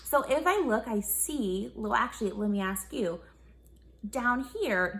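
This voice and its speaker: A woman's voice: mid-range voice, very animated, moderate pace. A young woman teaching a children's music class, upbeat and encouraging, often asking the kids questions. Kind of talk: online kids' music lesson.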